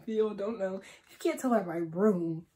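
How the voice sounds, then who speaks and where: A teenage girl unboxing gifts in a casual vlog, excitable and gushing, swinging from loud exclamations to hushed gasps with slangy chatter. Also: medium pitch, moderate pace. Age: teens. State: tearful at moments. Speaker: vlogger.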